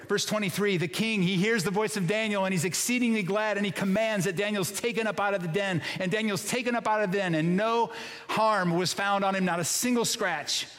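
Brief: male pastor, conversational and emphatic storyteller, higher voice, reverberant church hall. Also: a bit bright. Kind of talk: sermon.

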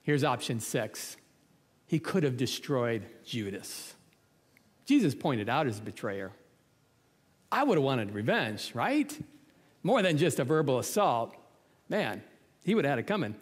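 A man's voice: mid-range voice, very animated, measured pace, long pauses, slightly rough, big-room sound. A man preaching a sermon in a conversational, humorous way, full of rhetorical questions.

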